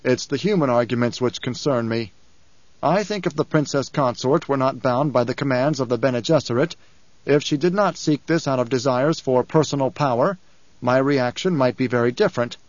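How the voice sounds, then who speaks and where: A man voicing a weary young emperor who speaks in a measured, grave way and turns clipped when angered. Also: medium pitch, no room sound, lightly acted. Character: stern young male emperor, weary and brooding. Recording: dull lo-fi audiobook recording.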